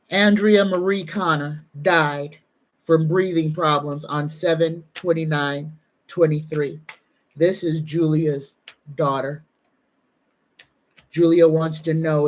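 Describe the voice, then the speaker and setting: Her low voice keeps a fairly even intonation as she, a psychic medium and tarot reader, gives a reading on a live stream. Slow and earnest, she aims to soothe, though emotion sometimes pushes her to the brink of tears.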